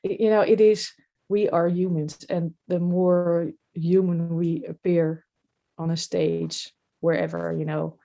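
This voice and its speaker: A woman's voice: on the low side, little pitch movement, a little slow, vocal fry, mellow. A middle-aged woman with a Dutch accent, speaking as a podcast guest in a reflective, hesitant way with many fillers. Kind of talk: podcast interview.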